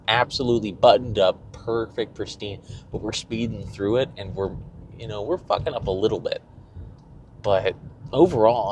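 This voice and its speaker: Low-voiced young man, profane rambling vlog. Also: slight background noise. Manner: rambling, profane, restarts sentences. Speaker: fitness vlogger. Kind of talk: casual diary-style vlog.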